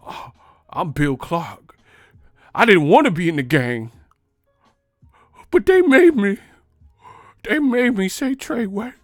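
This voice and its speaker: A man voicing a timid male snitch who whines and pleads in a drawn-out, high voice. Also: big pitch swings, no room sound, studio quality, heavily acted. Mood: whining.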